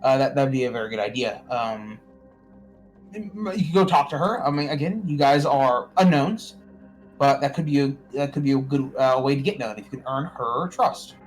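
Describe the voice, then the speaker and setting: A man's voice: medium pitch, lively intonation, normal speed, soft background music, rough recording. An American man running a tabletop game as game master, talking casually with lots of fillers and laughter. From United States. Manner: rambling, laughs often, many fillers.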